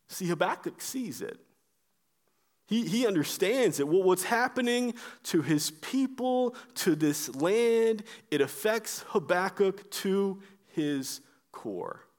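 A male preacher delivers his sermon in an unhurried, measured way. His voice sits high for a man, and he reads scripture aloud in between. He is earnest and presses his points by repeating them. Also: lively intonation. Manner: earnest, emphatic, repeats phrases for stress.

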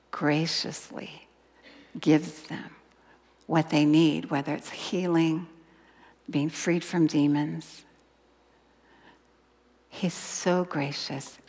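A woman teaching a Bible lesson in an expressive sermon style, sometimes dropping to a whisper for emphasis. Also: fairly low pitch, creaky. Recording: long hall reverb.

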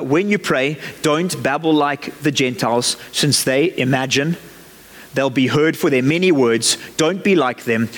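A man's voice: on the high side, big-room sound. A man preaching a sermon in a church, conversational and lightly joking as he talks the congregation through his points.

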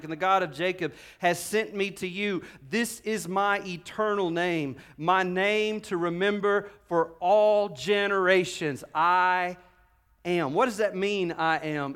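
Emphatic high-voiced male preacher. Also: smooth. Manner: emphatic, swings between loud proclamation and quiet asides; reads scripture aloud with slowed, stressed phrases. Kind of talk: sermon.

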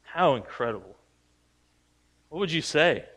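A man's voice: on the high side, sing-song, measured pace, a bit bright. A man preaching a sermon in a conversational way, asking the congregation questions and acting out the voices of the people in the story. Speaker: pastor. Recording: reverberant hall.

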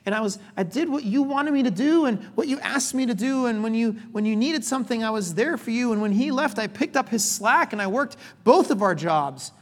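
A man's voice: high voice, animated, moderate pace, fairly bright tone, full character voice. A man preaching, voicing a resentful older son who has always stayed loyal, in an aggrieved, pleading tone. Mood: indignant.

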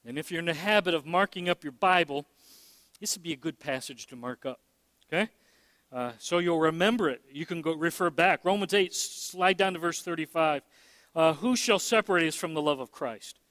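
A man's voice: a little high, brisk, fairly bright tone, dry recording, big-room sound. A man preaching a sermon as pastor, emphatic, often repeating words and using fillers.

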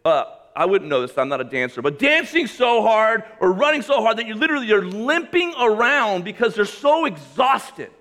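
Guy preaching a sermon, highish voice, reads the verses then riffs on them, gets loud then drops real quiet. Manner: reads scripture aloud, then comments with humor and emphasis; swings between loud raised lines and quiet low drops. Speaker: pastor.

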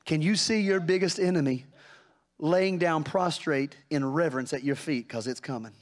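A man's voice: on the high side, normal speed. A man preaching a sermon, folksy and plain-spoken, building to fervent rhetorical questions. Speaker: pastor.

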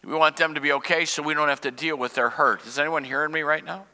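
A man preaches a sermon in a high, piercing voice that cuts through the room. He swings from fervent cries to quiet, low asides. The sound carries a long reverb, as in a large sanctuary. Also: steady tone, fast talker. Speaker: pastor.

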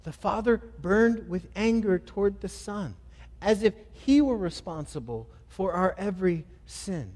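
A man's voice: high-pitched, lively intonation, measured pace, darkish tone, in a large hall. A male pastor preaching a sermon, asking questions and answering them himself in an emphatic delivery.

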